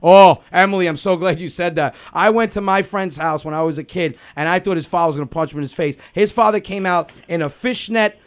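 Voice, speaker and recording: A man hosting a comedy podcast, ranting loudly and passionately in casual chat. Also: high voice, brisk, few pauses. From Italian-American family. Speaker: podcast host. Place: podcast studio.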